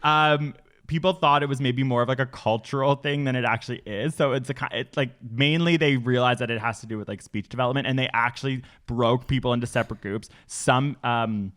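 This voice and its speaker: Male co-host, mid-pitched voice, casual explainer, cracks jokes. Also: fairly even intonation, brisk, fairly bright tone. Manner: explains science facts, jokey. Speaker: podcast co-host. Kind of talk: casual chat.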